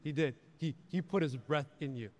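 A man's voice: fairly high pitch, normal speed, darkish tone, long reverb tail. A man preaching a sermon in a conversational way, repeating words and asking the audience questions. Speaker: pastor. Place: church hall.

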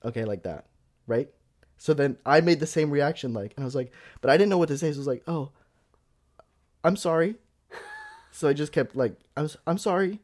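Young man telling an animated story. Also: mid-range voice, fast. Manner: animated storyteller, heavy "like" filler, acts out quotes. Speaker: podcast co-host. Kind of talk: casual storytelling chat.

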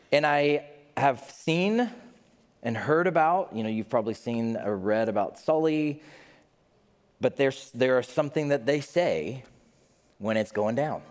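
A man preaching a sermon as pastor, talking in a conversational, animated way and acting out the people he quotes. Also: mid-range voice, big-room sound.

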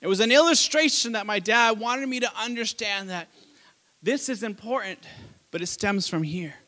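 A man preaching a sermon as pastor, telling a childhood story with animated delivery and laughter. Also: high voice, normal speed.

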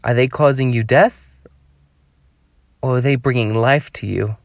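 A man's voice: medium pitch, measured pace, dry recording. A man preaching a devotional sermon, pleading with his listeners in an earnest, exhorting way.

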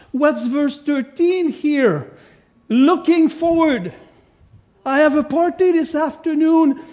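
High-voiced, playful male preacher. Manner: animated and playful, joking with the congregation; reads scripture aloud with emphatic asides. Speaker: guest preacher. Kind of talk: sermon. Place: church sanctuary.

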